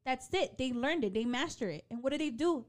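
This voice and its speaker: A woman in her late twenties chatting casually as a co-host, animated and out of breath, swearing freely and slipping into Spanish. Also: high voice, brisk. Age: late 20s. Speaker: podcast co-host. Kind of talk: casual chat.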